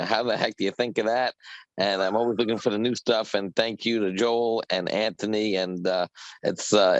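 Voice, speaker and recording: Low-voiced man speaking haltingly. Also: dry recording, low-quality recording. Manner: halting, warm thanks with fillers. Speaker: magician. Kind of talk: casual chat.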